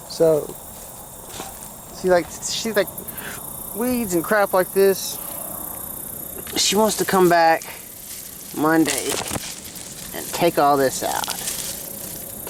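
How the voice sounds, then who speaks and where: A gardening vlogger strolls through his vegetable patch outside, chatting in a loose, folksy, meandering way. His voice is high with a somewhat dark tone, and there's a little background noise.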